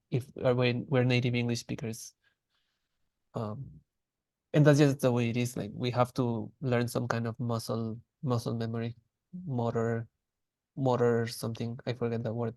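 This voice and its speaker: Gravelly casual male language teacher. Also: mid-range voice, darkish tone, no room sound. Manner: casual, many restarts, demonstrates sounds. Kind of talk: online class lecture.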